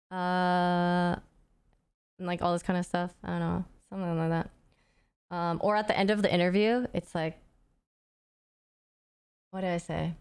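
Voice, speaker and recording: A woman's voice: on the low side, level tone, unhurried, long pauses, a little mellow, clear, resonant tone. A young woman streamer in casual chat, rambling and thinking aloud as she answers questions.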